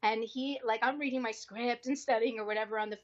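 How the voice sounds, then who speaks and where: An actress being interviewed on a podcast, telling a career story in a casual, lively way and acting out the people she quotes with changing voices. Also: on the high side, fast, muffled recording. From US East Coast. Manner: lively, acts out quoted dialogue with shifting voices.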